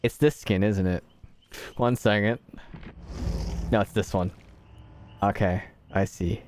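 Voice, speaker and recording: A slightly hoarse man streaming a game, chatting casually and joking at his own expense to viewers. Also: lowish voice, fairly even intonation, takes it slowly, darkish tone, slight background noise. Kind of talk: casual gameplay commentary.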